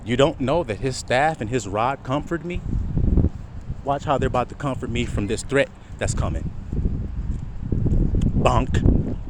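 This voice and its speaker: A man preaches outdoors, his voice rising and falling in a lively way as he keeps asking his listeners questions. Traffic noise from the street runs clearly under the recording. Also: medium pitch, moderate pace. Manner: preachy, full of rhetorical questions. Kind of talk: street-side sermon.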